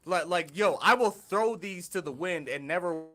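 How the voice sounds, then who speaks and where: A man with a fairly high voice co-hosts a casual podcast. He tells stories in a loose, profane way and acts out the voices of the people in them. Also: normal speed. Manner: animated, profane storytelling with quoted voices. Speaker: podcast co-host.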